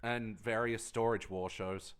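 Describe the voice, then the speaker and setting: A man chatting casually on a podcast, easygoing and quick to laugh. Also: fairly low pitch, steady tone, clean tone. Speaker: podcast co-host. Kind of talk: casual chat.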